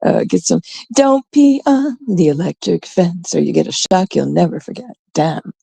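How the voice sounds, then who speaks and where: A woman's voice: fairly low pitch, big pitch swings, normal speed, creaky, mellow, breathy edge, no room sound. A woman hosting a casual livestream, ranting in a profane, sarcastic way and greeting viewers in chat. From Canada. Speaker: livestream host.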